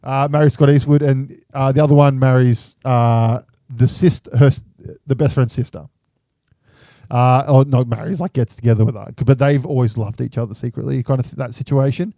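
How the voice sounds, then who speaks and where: A podcast host in casual chat, retelling films in a rambling way full of fillers. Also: male voice, medium pitch, steady tone, normal speed, dark tone, no room sound, studio quality.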